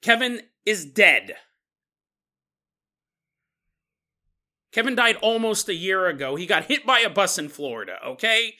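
A man's voice: high voice, sing-song, moderate pace, full character voice. A man voicing an angry young woman who scolds her friend, in a storytelling podcast. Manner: shouting, indignant.

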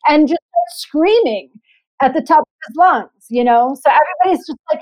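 A woman's voice: high voice, expressive, normal speed, no room sound, rough recording. A woman, a touring musician, casually filling in details of a shared tour story. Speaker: guest musician.

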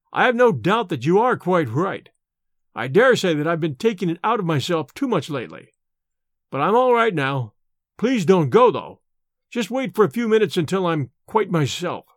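Male reader voicing a rattled, secretive scholar; slow and hushed, with a high, animated voice. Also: no echo, studio quality. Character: haunted male scholar, rattled yet evasive.

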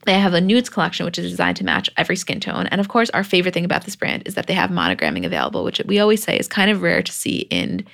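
A woman's voice: fairly low pitch, sing-song, very fast, vocal fry, few pauses, fairly bright tone. A woman co-hosting a podcast, chatty and casual, recapping with fillers and laughs. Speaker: podcast co-host. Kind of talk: casual chat and ad read.

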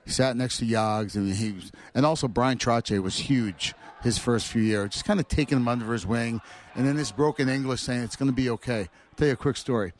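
A man, a former player, telling animated anecdotes as a guest. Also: medium pitch, fairly quick, slight background noise. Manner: animated storyteller acting out quotes. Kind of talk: anecdotal storytelling.

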